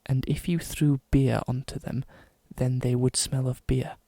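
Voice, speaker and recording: A man putting on a slow, pompous posh announcer voice for comic readings. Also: mid-range voice, completely flat delivery, dry recording, natural voice. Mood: mock-posh. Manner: slow, measured, overly formal.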